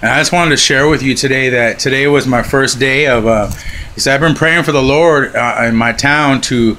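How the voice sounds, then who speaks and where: Man, minister, casual testimony vlog, fervent, rambling, bright tone, phone recording with faint noise. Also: medium pitch, normal speed, rough recording. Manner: fervent, rambling with many restarts and fillers. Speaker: Christian minister.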